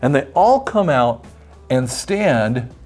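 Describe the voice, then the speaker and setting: Male Bible teacher, sermon delivery, lively swooping pitch, husky tone, faint music underneath. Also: slow. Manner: animated, acts out quoted voices.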